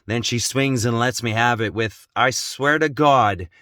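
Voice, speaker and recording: Intense guy telling his own story, bright sharp voice, pretty average pitch. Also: dry recording, studio quality. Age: adult, has children. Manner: emotional, intense, slows and quiets when grave. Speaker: vlogger. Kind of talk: personal storytelling.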